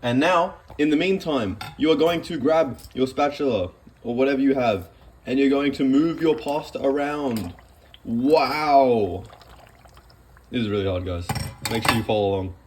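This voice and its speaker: A man's voice: medium pitch, moderate pace, slight background noise. A man giving a rambling, joking cooking demonstration in a home kitchen. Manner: joking, rambling, self-deprecating. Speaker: cooking vlogger.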